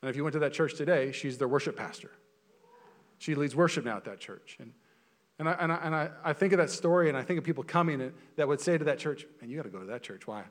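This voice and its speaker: A young adult man preaches a sermon as pastor, speaking fast in a voice on the high side. He's energetic and conversational, often repeating words as he builds momentum.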